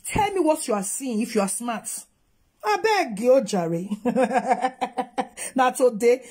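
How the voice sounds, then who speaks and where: A woman's voice: high voice, sing-song, moderate pace, a little mellow, slightly rough. A woman from Nigeria with a Nigerian Pidgin accent, giving emphatic, scolding reaction commentary on a video. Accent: Nigerian Pidgin English. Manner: scolding, emphatic, switching between English and Pidgin. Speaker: vlogger.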